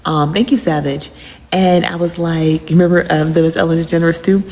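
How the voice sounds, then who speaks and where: Woman host, lowish voice, rambling casual recap, long reverb on the recording. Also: fairly even intonation, normal speed, a little mellow. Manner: rambling and repetitive, with frequent fillers. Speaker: host recapping live-stream drama. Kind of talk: casual chat.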